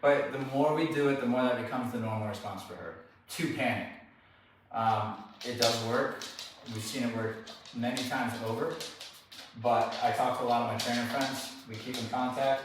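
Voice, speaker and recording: A man dog trainer explains his work in a relaxed, conversational way while he trains. His voice sits at an ordinary pitch. He sounds a little away from the mic, in a very reverberant indoor space with faint noise underneath. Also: normal speed. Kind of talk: hands-on training demonstration. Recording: very echoey room, distant mic, faint noise.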